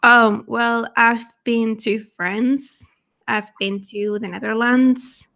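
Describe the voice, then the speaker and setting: Woman with a creaky voice. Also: fairly high pitch, little pitch movement, sharp tone. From Venezuela. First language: Spanish. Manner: chatty, quick laughs, frequent restarts. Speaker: guest. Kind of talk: casual livestream chat.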